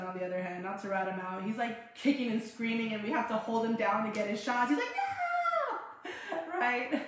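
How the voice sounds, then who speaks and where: A woman pastor leading an online Bible study, speaking from the heart, telling personal stories and speaking straight to her listeners. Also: on the high side. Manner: heartfelt, personal storytelling, addresses listeners directly. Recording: very echoey room.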